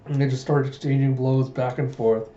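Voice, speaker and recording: A man's voice: medium pitch, fairly even intonation, normal speed, warm tone. A young man casually narrating a manga read-through, chatty and loose as he recaps. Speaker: manga reader, video host. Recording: dull roomy home recording.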